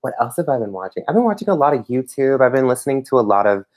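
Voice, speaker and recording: Low-voiced woman chatting with many fillers. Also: lively intonation, very fast, a little mellow. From Texas. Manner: rambling, many fillers and restarts. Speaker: podcast co-host. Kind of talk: casual chat.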